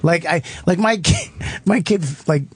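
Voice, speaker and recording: A man's voice: high voice, a little slow, breathy edge. A man on a radio show, a comedian talking in casual banter, rambling and profane. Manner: profane, rambling and self-interrupting. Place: radio studio.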